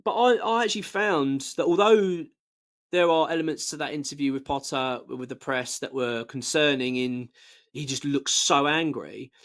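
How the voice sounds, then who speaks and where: A man's voice: medium pitch, normal speed, fairly bright tone. A man, married, hosting a football fan channel and giving blunt, passionate casual commentary full of restarts. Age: adult, married.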